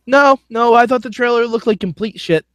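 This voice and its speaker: A man's voice: very high-pitched, a little fast, fairly bright tone, no room sound. A man co-hosting a casual podcast chat over a phone line, sarcastic and wisecracking. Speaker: podcast co-host.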